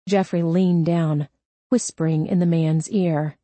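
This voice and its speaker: Woman reading an audiobook, slow and steady, lowish voice, dry close mic. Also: no room sound. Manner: measured, unhurried delivery. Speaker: audiobook narrator. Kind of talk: scripted audiobook narration.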